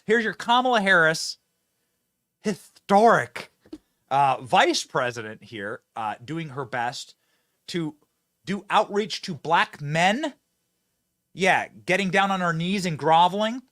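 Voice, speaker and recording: A man's voice: high voice, animated, takes it slowly, pushed and bright. A male host giving mocking, sarcastic political commentary.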